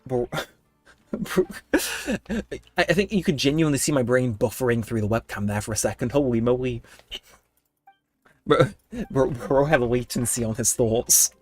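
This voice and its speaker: A young man, mid-pitched for a guy, livestreaming from home with a cold coming on. He rambles chattily to his viewers and laughs a lot. He talks into a desk mic. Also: animated, normal speed, long pauses, dry recording, soft background music. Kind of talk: casual live-stream chat while gaming.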